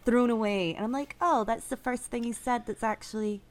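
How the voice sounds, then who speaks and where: A woman co-hosting a casual film review podcast, animated as she retells scenes and quotes. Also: fairly high pitch, a little fast. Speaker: podcast co-host.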